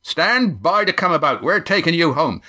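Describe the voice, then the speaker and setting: A man reading a storybook, voicing a gruff, booming middle-aged boat skipper who barks his demands. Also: big pitch swings, normal speed, pushed and bright, exaggerated voice.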